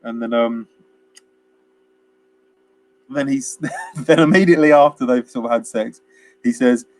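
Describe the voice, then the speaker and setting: A man's voice: medium pitch, unhurried, darkish tone. Rambling, chuckling man chatting about a film. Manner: chatty and rambling, laughs often, acts out scenes. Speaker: film podcast co-host. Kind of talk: casual chat.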